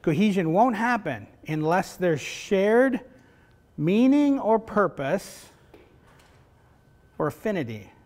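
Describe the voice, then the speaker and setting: A man's voice: high-pitched, very animated, slow, long pauses, a little mellow. A middle-aged man lecturing a class in a conversational way, often asking "right?" and acting out family stories. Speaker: university professor teaching facilitators.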